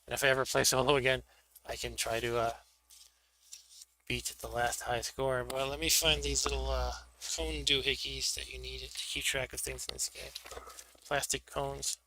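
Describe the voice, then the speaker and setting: Gravelly, bright-voiced man chatting casually. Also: mid-range voice, flat delivery, moderate pace, slight background noise. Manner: chatty, thinking aloud while setting up pieces. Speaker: board game streamer. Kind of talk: casual solo play-through commentary.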